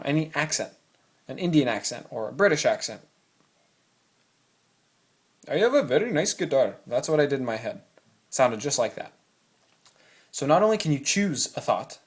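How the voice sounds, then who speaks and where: A man talking casually and animatedly to camera about choosing your thoughts, at home. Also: fairly high pitch. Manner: animated, acts out anxious inner thoughts. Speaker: self-help vlogger. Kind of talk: casual motivational talk to camera. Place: room at home.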